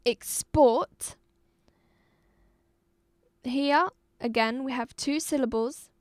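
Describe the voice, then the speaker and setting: A woman from Algeria teaching an English exam-review lesson, repeating words and spelling them out slowly for her pupils. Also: high voice, no echo, studio quality.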